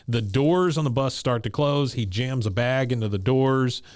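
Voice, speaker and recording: A man's voice: mid-range voice, normal speed, darkish tone, no echo. A man co-hosting a podcast, casually retelling a cartoon episode scene by scene. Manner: retells scenes, quoting characters' lines. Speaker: podcast co-host recapping an episode. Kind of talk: casual episode recap chat.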